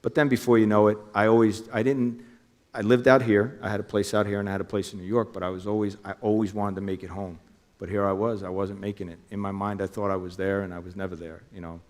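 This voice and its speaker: A man's voice: fairly low pitch, flat delivery, quick pace, darkish tone, long reverb tail. A middle-aged man from New Jersey, a former undercover officer, telling his story in an interview and acting out phone calls in quoted voices.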